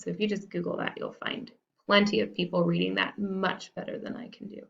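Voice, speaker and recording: A woman's voice: on the low side, little pitch movement, normal speed, creaky, lo-fi sound, slight background noise. A woman teacher talking students through a recorded lesson in a casual, self-deprecating way, with frequent fillers. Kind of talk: recorded classroom lesson walkthrough.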